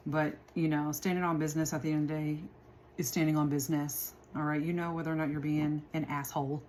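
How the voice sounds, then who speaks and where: A woman chats through a casual tarot reading, calling her viewers y'all and laughing often. Her voice sits very low. A faint hiss runs beneath the recording. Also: level tone, fast talker, a little mellow. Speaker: tarot reader.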